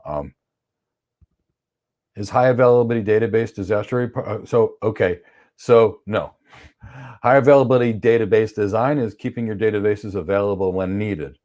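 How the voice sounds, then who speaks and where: A man's voice: fairly low pitch, normal speed, pauses often, a little mellow, highs cut off. A man teaching a cloud certification course on a livestream. He reads viewer questions aloud and answers them bluntly, with strong opinions and playful acted-out examples. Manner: acts out examples in playful voices.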